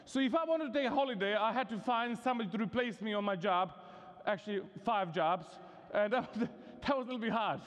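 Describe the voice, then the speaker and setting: A man's voice: sits high, quick pace, fairly bright tone, highs cut off. A man from Serbia with a Serbian accent, preaching a sermon in a conversational, humorous way with many casual fillers. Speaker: guest preacher. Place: chapel hall at a university vespers service. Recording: long reverb of a large hall.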